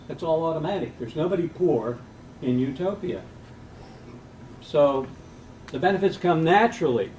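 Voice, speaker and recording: A man's voice: on the high side, darkish tone. Man lecturing to a class, distant mic. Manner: unscripted, reads quotes aloud with fillers and self-corrections. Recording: distant mic with faint room hiss.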